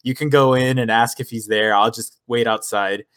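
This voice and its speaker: A man at a middle pitch recounts a late-night story to friends on a podcast. He swears freely and acts out each quoted exchange as he goes. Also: moderate pace, clean tone. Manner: swearing, animated retelling with quoted dialogue. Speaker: podcast co-host. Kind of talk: casual storytelling chat.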